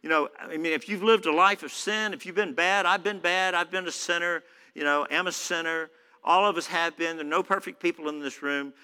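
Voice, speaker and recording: A man's voice: fairly high pitch, a little fast, bright, forceful tone, clear, resonant tone. A man preaching a sermon in a church, conversational, with many fillers. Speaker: pastor. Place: church hall. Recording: echoey church hall.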